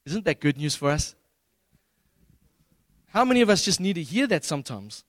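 A man preaching a sermon as pastor, retelling scripture in a relaxed, humorous way with slangy paraphrases. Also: on the high side, moderate pace, long pauses, no echo.

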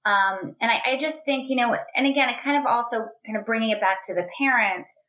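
With a voice on the high side and a somewhat fast delivery, a woman in her forties talks earnestly in a conversational interview about her work as a family educator. She's animated and uses many "you know" fillers; the recording is rough.

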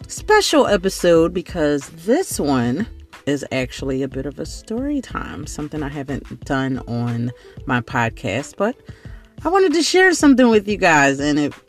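Chatty man telling a story. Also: a little high. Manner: chatty, rambling with side tangents. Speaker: podcast host. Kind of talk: casual storytelling.

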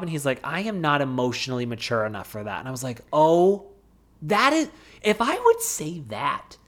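Sarcastic woman recapping with lively pitch. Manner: sarcastic, acts out quotes in put-on voices, swears, laughs often. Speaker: podcast co-host. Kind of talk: casual recap chat.

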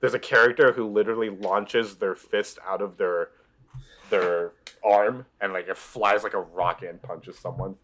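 A podcast co-host chats casually in a lowish, a bit bright voice, keeping a moderate pace and fairly even intonation. He's enthusiastic and rambling, loading his speech with fillers.

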